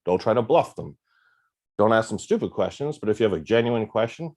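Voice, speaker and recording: A man, a guest on a podcast, telling self-deprecating stories in a lively, casual way. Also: on the low side, quick pace. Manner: animated, self-deprecating anecdotes with quoted dialogue. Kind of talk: casual storytelling.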